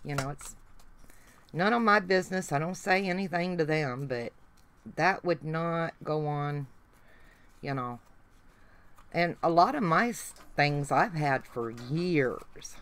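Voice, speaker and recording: A woman's voice: low-pitched, expressive, slow pace, pauses often, a bit bright. A middle-aged woman with a Southern accent, chatting folksily to her livestream viewers while she works on a craft project. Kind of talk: casual chat while crafting.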